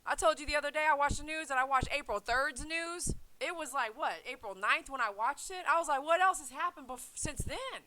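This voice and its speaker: A woman talking casually on her vlog in an animated, slangy way. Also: high-pitched, brisk, hardly any pauses, low-quality recording. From United States. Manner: animated, laughing, slangy with "man" fillers. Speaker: vlogger. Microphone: headset.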